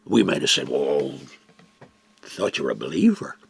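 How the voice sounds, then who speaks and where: An older man giving a reflective Bible talk, expressive and acting out the quoted dialogue. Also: a bass voice, normal speed, gravelly, breathy edge, no room sound. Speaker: Bible teacher.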